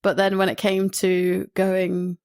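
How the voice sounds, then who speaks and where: A woman's voice: medium pitch, completely flat delivery, slow pace, darkish tone, no echo, clean studio sound. A woman hosting a podcast interview in casual chat, encouraging her guest with short reactions and follow-up questions. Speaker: podcast host.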